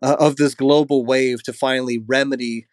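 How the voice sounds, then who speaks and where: A man's voice: mid-range voice, fairly even intonation, moderate pace, no room sound, clean studio sound. Man answering with many fillers. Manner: thoughtful, many fillers and restarts. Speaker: guest historian. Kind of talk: conversational interview answer.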